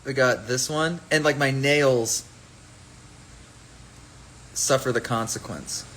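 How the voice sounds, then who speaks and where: A man's voice: medium pitch, takes it slowly, long pauses, fairly bright tone, low-quality recording. A man chatting casually on a phone livestream about his own fragrance, rambling and playful as he jumps between topics.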